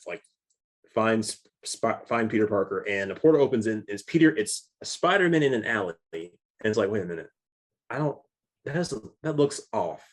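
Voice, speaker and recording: A young man with a somewhat low voice reviews a film in a relaxed back-and-forth. He gets excited and stammers, repeating words and restarting his sentences as he goes. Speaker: movie reviewer. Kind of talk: casual chat.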